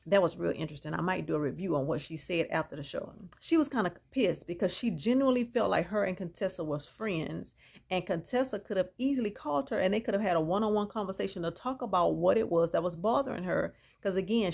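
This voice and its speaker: A woman's voice: fairly low pitch, creaky, slightly rough. A woman chatting through a reality TV episode recap, opinionated and gossipy, talking straight to her viewers. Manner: opinionated, chatty, mixes in reactions. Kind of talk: casual gossipy show recap.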